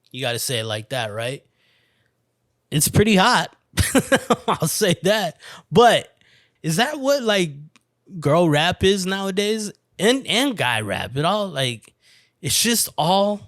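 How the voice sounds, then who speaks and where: A man's voice: fairly high pitch, lively intonation, slow, a bit bright, dry recording, clean studio sound. A man hosting his own podcast, rambling casually and swearing freely while a little tipsy from wine. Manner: rambling, profane, laid-back. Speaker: podcast host. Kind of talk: casual solo podcast rant.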